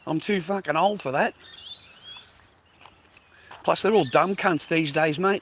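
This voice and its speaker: A man's voice: fairly high pitch, a little slow, pauses often, fairly bright tone, a little hiss or hum. A middle-aged Australian man rambling in a casual, profane monologue to camera outdoors by the water. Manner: profane, rambling, slangy, repeats himself. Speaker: vlogger.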